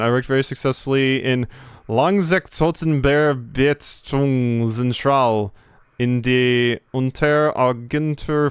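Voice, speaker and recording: A stiff, self-important German bureaucrat, as a man puts him on for a video game. He speaks in a clipped, officious way in a thick put-on German accent. His voice is smooth and mid-pitched, close and dry. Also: no room sound, close to an everyday voice. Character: stiff pompous male German bureaucrat, middle-aged.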